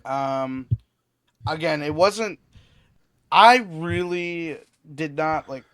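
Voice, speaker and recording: Easygoing higher-voiced podcast co-host man. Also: extremely slow, fairly bright tone, clear, resonant tone, no room sound. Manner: easygoing, thinks aloud with hesitant restarts. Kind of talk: casual film discussion.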